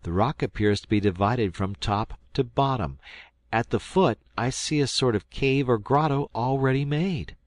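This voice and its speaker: A man reading aloud and voicing an excited teenage boy explorer who exclaims breathlessly in an audiobook. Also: medium pitch, normal speed, no echo, voice pushed up, close to an everyday voice. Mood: eager. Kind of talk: audiobook character voice.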